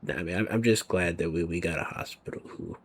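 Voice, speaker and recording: A man's voice: low voice, fast, a little hiss or hum. A man giving rambling, casual commentary over gameplay, sometimes dropping to a near whisper. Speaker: gaming video creator.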